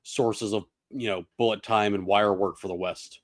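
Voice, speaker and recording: A man's voice: lowish voice, fairly even intonation, moderate pace, no echo. A man co-hosting a casual podcast stream, talking about movies in an opinionated, sardonic way and swearing casually. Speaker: podcast co-host. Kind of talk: casual chat.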